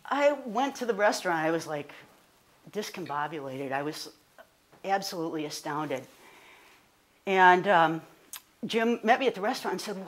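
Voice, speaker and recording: A woman, a guest speaker telling a personal story in an animated, conversational way, full of fillers and self-corrections. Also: lowish voice, normal speed, long pauses. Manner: animated, rising to indignant.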